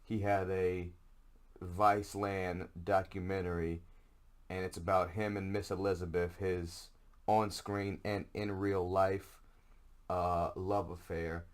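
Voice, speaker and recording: A man hosts a casual podcast on his own, rambling through sarcastic, profane complaints. His voice sits very low. The delivery is loose and conversational. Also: level tone, takes it slowly. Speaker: podcast host. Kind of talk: casual solo podcast rant.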